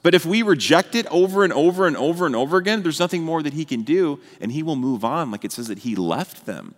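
A man's voice: on the high side, lively intonation, fast talker. A man preaching a sermon in an earnest way, building to emphatic repeated phrases. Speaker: pastor. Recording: long hall reverb.

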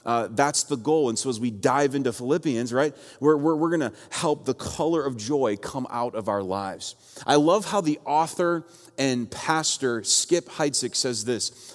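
A man's voice: medium pitch, a little slow. A man preaching a sermon as pastor, telling a story and acting out both sides of a quarrel. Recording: long hall reverb.

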